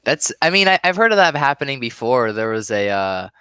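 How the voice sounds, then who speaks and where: Midwestern man streamer, casual and rambly, bright tone, dry close sound. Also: mid-range voice, sing-song, a little fast, smooth, no echo. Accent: Midwestern, Chicago-area. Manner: rambling, laughing often, swearing casually. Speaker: streamer and YouTuber. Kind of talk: casual chat on a live stream.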